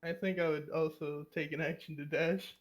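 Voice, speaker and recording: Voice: medium pitch, flat delivery, moderate pace. A player in a tabletop game online, giggling often and hesitant.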